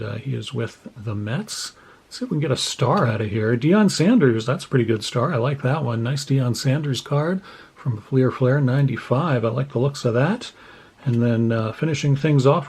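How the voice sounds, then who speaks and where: Husky man chatting over card packs. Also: medium pitch, a little mellow. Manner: chatty, enthusiastic, rambling with many "uh"s. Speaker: card-opening channel host. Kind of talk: casual pack-opening vlog.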